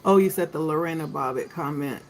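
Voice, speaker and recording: A woman's voice: low voice, fairly quick, poor audio. A woman hosting a live tarot stream, chatting casually and greeting viewers by name.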